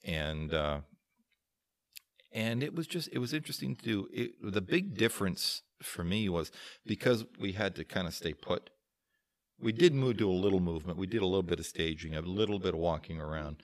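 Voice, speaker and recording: A man's voice: deep voice, expressive, normal speed. A man who is a stage actor chatting casually, often repeating words as he starts a thought. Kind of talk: casual chat.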